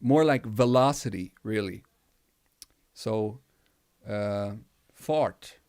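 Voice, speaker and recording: A man's voice: medium pitch, unhurried, darkish tone. Guy rambling on a stream, laughs a lot, swears, super casual. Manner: rambling and loose, laughs often, swears freely. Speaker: music producer livestream host. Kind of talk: casual livestream chat.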